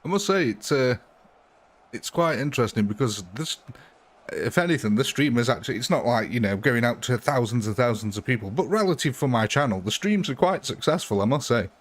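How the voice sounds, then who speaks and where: Male live streamer, mid-pitched, casual and chatty, laughs often, talks to his chat at a desk mic. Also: animated, a little fast.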